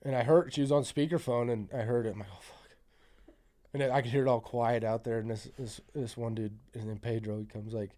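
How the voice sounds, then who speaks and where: A man's voice: medium pitch, steady tone, fast talker, few pauses, mellow. A man from Utah, a hunting guide, telling a story as a podcast guest in a rambling, profane way, full of fillers like "you know" and "like". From South Central Utah. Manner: acts out quoted lines. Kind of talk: casual storytelling.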